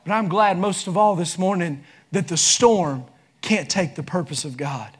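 High-voiced impassioned preacher man. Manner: impassioned, rising into shouts. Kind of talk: sermon.

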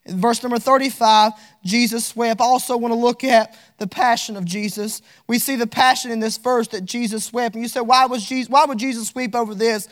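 A man's voice: very high voice, fairly even intonation, fairly quick, hardly any pauses, a bit bright. A man. He is fervent and repetitive, drifting into a sing-song cadence as he reads scripture aloud. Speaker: preacher. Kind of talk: sermon.

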